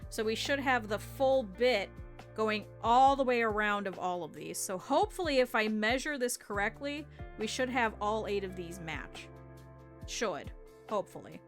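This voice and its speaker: A woman's voice: mid-range voice, animated, moderate pace, faint music behind. A woman streamer chatting casually with her viewers while she sews, with laughing asides. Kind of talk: casual livestream chat while sewing.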